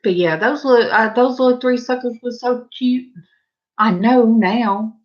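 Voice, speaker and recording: A woman's voice: on the high side, unhurried. An older woman with a Southern US accent, hosting a casual livestream and chatting with viewers in a rambling, folksy way that breaks off to answer comments. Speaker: host of a painting livestream. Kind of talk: casual chat with live viewers. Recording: dull lo-fi livestream audio.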